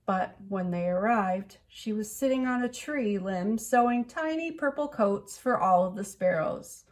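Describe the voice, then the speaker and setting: A woman reading a children's picture book aloud in an expressive storytelling way. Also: medium pitch, unhurried. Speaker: storybook reader.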